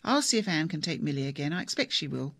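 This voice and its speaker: A narrator voicing a man who speaks gently and affectionately to his wife over the phone. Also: fairly high pitch, sing-song, fast, no room sound, clean studio sound, heavily acted. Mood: gentle. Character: gentle, reassuring husband.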